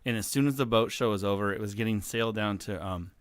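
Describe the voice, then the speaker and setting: A man's voice: on the low side, fast talker, no room sound. A man co-hosting a podcast, telling a story with enthusiasm and frequent laughs. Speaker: podcast co-host. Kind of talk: casual storytelling chat.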